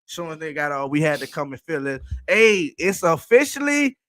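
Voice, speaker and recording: A man, co-hosting a sports podcast and hyping up viewers with slangy shout-outs. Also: a little high, little pitch movement, quick pace, no room sound, studio quality. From New Orleans. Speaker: podcast co-host. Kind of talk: casual sports podcast chat.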